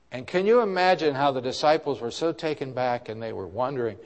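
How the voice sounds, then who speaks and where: A man preaching a sermon at a mid pitch, his voice carrying a long reverb through a large church hall. He asks the congregation questions and swings from soft, low passages to loud, raised ones. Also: fairly quick, hardly any pauses. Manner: preaching with rises and drops in loudness, asking the congregation questions. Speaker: pastor.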